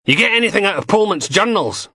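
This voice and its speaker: A man's voice: high voice, animated, quick pace, bright, forceful tone, husky, no echo, pitched above the performer's own voice, exaggerated voice. A man doing a harried male detective. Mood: urgent.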